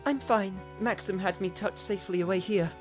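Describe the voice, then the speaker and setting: Man reading as frightened maiden, young woman, high pleading voice, faint music behind. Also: fairly quick, lightly acted. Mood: anxious.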